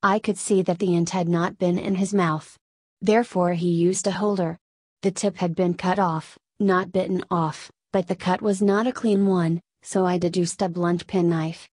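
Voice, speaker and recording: A woman narrating a classic detective story in a steady, even audiobook reading. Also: fairly low pitch, moderate pace, husky, no room sound, clean studio sound.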